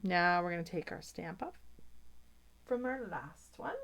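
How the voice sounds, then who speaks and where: Gravelly-voiced woman chatting through a craft demo. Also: lowish voice, lively intonation, measured pace, very noisy. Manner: chatty, thinks aloud while working, drops to a near whisper. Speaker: papercraft demonstrator. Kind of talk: chatty hands-on craft tutorial.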